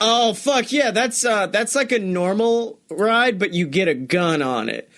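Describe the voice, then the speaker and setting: A young man co-hosting a podcast, chatting casually, excited and swearing often, laughing as he talks. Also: high-pitched, unhurried. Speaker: podcast co-host. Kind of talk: casual chat.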